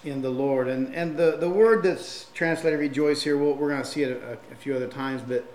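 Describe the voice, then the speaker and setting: A man's voice: fairly high pitch, fairly even intonation, brisk, darkish tone. Man, preacher, sermon, conversational with fillers, echoey church hall, faint background noise. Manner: conversational, with frequent fillers and restarts.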